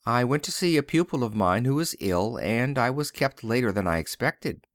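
A man reading the part of a shy, lonely young schoolteacher in a storybook, speaking softly and timidly. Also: mid-range voice, expressive, moderate pace, dry recording, clean studio sound, natural voice.

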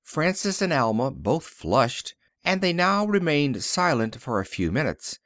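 A man's voice: fairly high pitch, big pitch swings, unhurried, a bit bright, no echo, clean studio sound. A man narrating an old-fashioned story as an audiobook, reading expressively. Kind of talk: scripted narration.

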